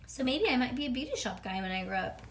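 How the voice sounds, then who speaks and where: A woman voicing an excitable, boastful little girl while reading a storybook aloud. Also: on the high side, fast. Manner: boastful, chattery, eager. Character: excitable bossy little girl, kindergarten age. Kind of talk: bedtime read-aloud.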